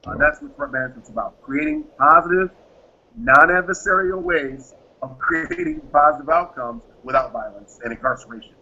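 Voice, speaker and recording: On dull, lo-fi audio, a man who started a private security company responds to an interviewer with great emphasis, acting out quoted exchanges. His fairly high voice is sharp and slightly rough, very animated, at a normal speed.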